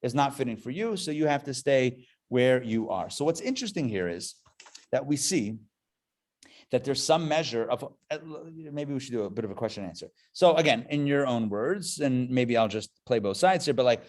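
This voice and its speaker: A man, a rabbi, teaching a live adult class in a playful, animated way, full of jokes and rhetorical questions. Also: mid-range voice, normal speed. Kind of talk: live adult education lecture.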